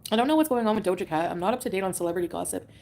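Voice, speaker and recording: A woman's voice: mid-range voice, expressive, very fast, vocal fry, a little mellow. Chatty giggly woman livestreaming. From Canada. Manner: chatty and giggly, drifting between topics. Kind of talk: casual livestream chat, reading comments.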